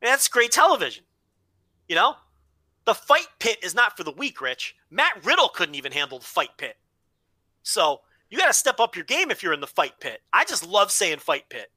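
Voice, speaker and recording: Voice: medium pitch, sing-song, normal speed, pushed and bright, dry recording. A podcast co-host chatting casually about wrestling, emphatic and playful, fond of repeating a favorite phrase.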